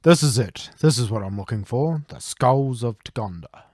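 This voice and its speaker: A man voicing an earnest young male hero who explains a legend in a measured, expository delivery. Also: mid-range voice, expressive, darkish tone, no room sound, clean studio sound, close to an everyday voice.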